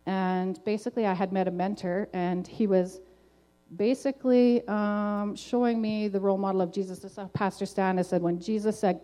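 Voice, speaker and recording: Middle-aged woman, mellow tone, earnest chatty faith testimony, filler-heavy. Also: mid-range voice, normal speed. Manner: earnest, conversational, frequent "like" and "um". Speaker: testimony speaker.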